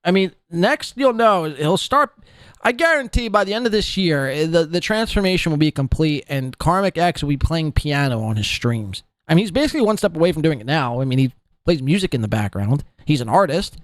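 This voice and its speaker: A man's voice: a little high, expressive, brisk, no echo, studio quality. Sarcastic, profane male podcast host. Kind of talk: reacting to clips with commentary.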